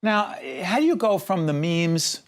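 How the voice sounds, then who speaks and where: A middle-aged man hosting a TV studio interview, asking quick, jokey questions and cutting in often. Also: sits high, big pitch swings, smooth. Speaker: TV interview host.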